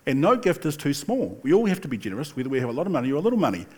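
An older man preaching a sermon in a relaxed, chatty storytelling way, with asides and the occasional laugh. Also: fairly high pitch, rapid-fire, slightly rough. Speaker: pastor.

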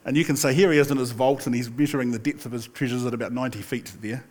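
An older man delivers a sermon as if telling stories among friends, easygoing and conversational. His voice sits in an ordinary middle pitch, and he breaks off now and then for a laugh or an aside. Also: steady tone, rapid-fire, a little mellow. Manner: chatty storytelling with laughs and asides. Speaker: pastor.

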